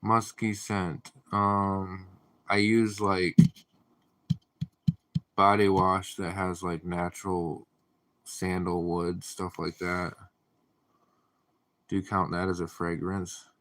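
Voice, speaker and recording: A man hosting a casual livestream, reading viewer comments aloud and answering them in a deadpan, drowsy way. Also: deep voice, slow pace, long pauses. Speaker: livestream host.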